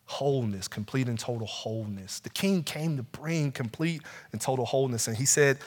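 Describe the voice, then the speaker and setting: A man preaching a sermon, rising to loud urgent pleas and dropping to slow, hushed passages. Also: medium pitch. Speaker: pastor. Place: church sanctuary. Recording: long hall reverb.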